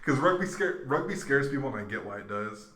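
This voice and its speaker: A man co-hosting a casual talk show, telling animated stories, acting out quotes and laughing often. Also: mid-range voice, fast. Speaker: podcast co-host. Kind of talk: casual chat. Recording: echoey room, off-mic.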